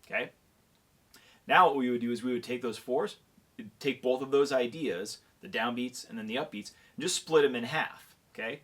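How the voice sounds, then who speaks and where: A man's voice: medium pitch, measured pace, pauses often, very noisy. A man giving a percussion lesson who counts beats aloud and keeps checking in with the listener. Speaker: percussion clinician. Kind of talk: instructional demonstration.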